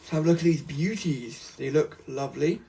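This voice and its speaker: Male vlogger, rambling chatty unboxing talk, slightly raised pitch, faint hiss behind. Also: brisk. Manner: chatty, rambling, easily excited. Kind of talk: casual unboxing vlog.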